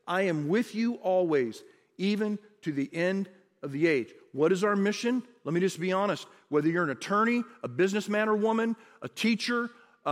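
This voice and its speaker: A high-pitched man preaches as a pastor in an animated, conversational style full of repeated phrases and asides. The recording has a long reverb tail.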